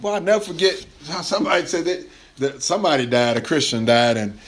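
A man's voice: fairly high pitch, fast. A male pastor preaching a sermon in a loose, conversational way. He laughs often and keeps restarting his phrases. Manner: animated, laughing colloquial preaching with many restarts.

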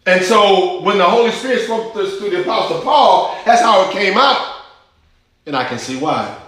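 A man's voice: high-pitched, lively intonation, normal speed, fairly bright tone. A man preaching a sermon, teaching scripture with emphasis and asking the congregation questions. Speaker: pastor. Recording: echoey church hall.

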